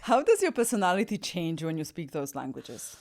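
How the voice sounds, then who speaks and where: A woman's voice: fairly low pitch, sing-song, brisk, darkish tone. A young woman hosting an interview, asking curious questions in casual chat and laughing often. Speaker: podcast host.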